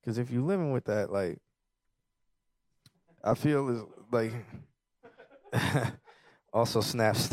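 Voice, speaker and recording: A man's voice: mid-range voice, slow, pauses often, no echo. A man hosting a casual music review podcast, chatty and loose, laughing easily. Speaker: podcast host.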